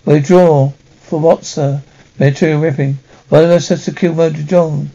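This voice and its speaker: An actor playing a stern adult military officer in a 1960s TV drama, with clipped, formal dialogue. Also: male voice, fairly high pitch, fairly even intonation, normal speed, creaky, warm tone. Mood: tense. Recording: dull vintage TV soundtrack.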